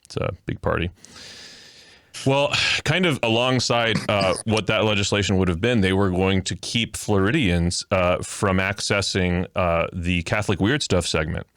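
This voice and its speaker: Joking low-voiced male podcast host. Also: normal speed, a bit bright, clean tone, dry recording, clean studio sound. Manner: joking, rambling with many fillers. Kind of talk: casual interview chat.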